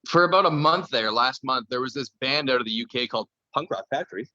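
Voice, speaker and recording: Bright sounding canadian guy on a podcast, cursing every other word, kinda dull dry recording. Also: mid-range voice, quick pace, dry recording. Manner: loose, profane storytelling. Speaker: podcast guest. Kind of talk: casual podcast chat.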